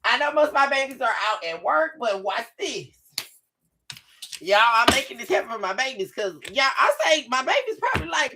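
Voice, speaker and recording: A woman hosting a live tarot stream on a webcam mic from home, excitable and laughing often as she chats casually with her viewers. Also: high-pitched, measured pace, long pauses, noisy background. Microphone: webcam microphone.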